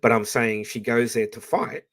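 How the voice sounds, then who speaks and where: An Australian man airs his grievances to his stream viewers in a loose, rambling way. He swears freely, restarts his sentences and speaks at an ordinary, mid-range pitch. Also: level tone, normal speed, a bit bright. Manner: blunt and profane, rambling with restarts. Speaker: streamer talking to his audience. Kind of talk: casual live-stream rant.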